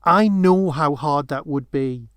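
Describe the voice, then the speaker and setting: A man's voice: a little high, slow, a bit bright, smooth, no echo. A man co-hosting a podcast, chatting casually about a film, rambling with many restarts and asides. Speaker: podcast co-host.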